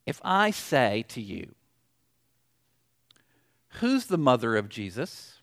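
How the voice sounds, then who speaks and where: A middle-aged man with a Southern accent preaching a sermon, telling a story in an animated way with joking asides. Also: medium pitch, slow, vocal fry. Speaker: pastor.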